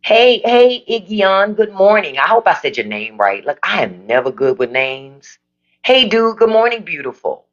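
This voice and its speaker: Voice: mid-range voice, normal speed, dull audio. Blunt, profane livestream host. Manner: blunt, profane political opinions; animated, emphatic. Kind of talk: casual live chat reading viewer comments. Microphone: phone livestream.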